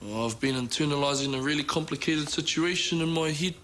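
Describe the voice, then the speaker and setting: A man's voice: a little high, brisk, a bit bright, a little hiss or hum, close to an everyday voice. An actor playing a laid-back young man in an ad, speaking in an understated drawl. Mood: deadpan. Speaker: character in a drink-driving ad. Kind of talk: scripted ad acting. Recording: distant played-back clip.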